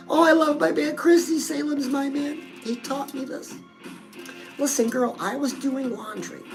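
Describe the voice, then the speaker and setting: A woman with a notably high voice talks in a chatty, sassy coaching tone on a comedic live show, calling her listener "girl" again and again. Clear music plays under her voice throughout. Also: low-quality recording. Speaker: self-help show host.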